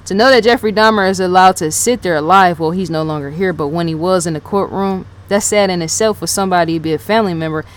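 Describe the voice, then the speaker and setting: A woman with a somewhat low voice talks off the cuff as a channel host. She rambles and circles back, rereading her own notes aloud. She scatters "yes", "right?" and "in fact" through nearly every sentence. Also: fast talker, few pauses. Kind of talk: casual unscripted commentary.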